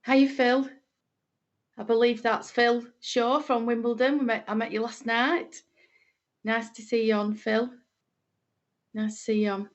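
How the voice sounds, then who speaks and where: A woman's voice: fairly high pitch, flat delivery, measured pace, pauses often. A middle-aged woman with a Lancashire accent, a medium greeting viewers on a livestream in a homely, chatty way with plenty of fillers. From Lancashire, England.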